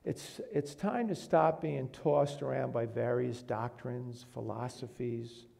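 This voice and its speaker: A man's voice: medium pitch, slow pace, gravelly, mellow. A man preaching a sermon to a congregation in a church, earnest, asking the room questions and rising to emphatic bursts. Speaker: pastor.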